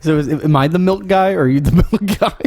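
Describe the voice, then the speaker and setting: A man's voice: a little high, a little fast, a little mellow. A man co-hosting a casual podcast chat, easygoing and hesitant, with lots of fillers. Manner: laid-back, hesitant with many fillers. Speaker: podcast co-host and musician. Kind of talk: casual chat between friends.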